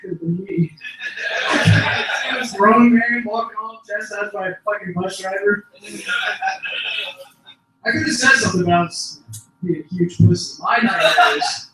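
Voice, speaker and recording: A young stand-up tells rambling stories at an open mic in a small comedy club, breaking into shouts now and then and cracking himself up. He sounds high and sharp, a little slow, pausing often. Recorded from a distance in a very echoey room, it carries a little hiss or hum.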